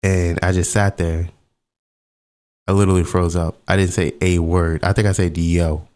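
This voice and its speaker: A young man with a deep, low voice hosts a casual podcast monologue. He is candid and self-mocking, with plenty of profanity, and talks in a relaxed, conversational way. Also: normal speed. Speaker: podcast host.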